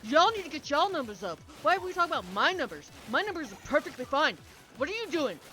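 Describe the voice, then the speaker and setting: A furious grown man rages at his online teammates, yelling and swearing in a high, strained pitch, as a woman acts him out. His shrill voice is bright and sharp. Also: sing-song, fast, exaggerated voice. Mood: raging. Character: furious adult male online gamer ranting at teammates.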